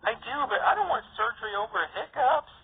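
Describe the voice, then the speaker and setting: Guy doing a high fretful ditzy teen girl w/ hiccups, phone-like audio, faint hiss. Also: animated, a little fast. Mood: fretting. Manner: high whiny fretting. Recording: tinny phone-like lo-fi.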